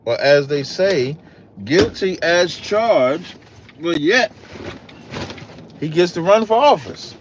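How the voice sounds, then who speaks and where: A podcast host with a slightly high, animated voice hosts a casual livestream, taking it slowly with long pauses. He talks straight to his chat, calls his viewers y'all and breaks into rising, emphatic outbursts. The audio is dull with a little hiss or hum.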